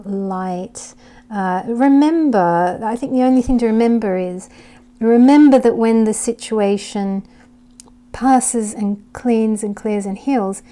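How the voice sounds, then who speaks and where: A woman doing a tarot reading to camera, talking gently and reassuringly, thinking aloud with halting restarts and sometimes dropping to a soft whisper. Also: mid-range voice. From United Kingdom. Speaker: tarot reader.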